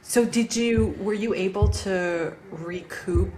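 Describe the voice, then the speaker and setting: A woman's voice: mid-range voice, slow pace, background noise. A woman hosting a casual interview, reacting with short replies and laughs and asking follow-up questions. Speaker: podcast host.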